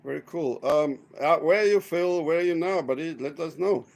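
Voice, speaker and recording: A man hosting a casual livestream chat, swearing a lot and telling stories with animated energy. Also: on the high side, moderate pace, creaky. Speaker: livestream host.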